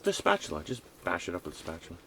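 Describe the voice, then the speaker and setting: A man's voice: deep voice, wildly swooping pitch, rapid-fire, creaky, heavy background noise. A man chatting playfully and upbeat with a friend at camp. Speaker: camping companion. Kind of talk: casual chat.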